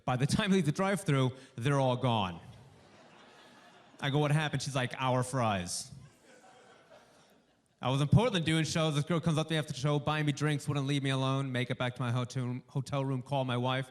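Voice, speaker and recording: A man's voice: mid-range voice, normal speed. Man doing a stand-up set. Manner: punchy joke delivery with acted-out dialogue. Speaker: stand-up comedian. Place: live comedy show before a studio audience.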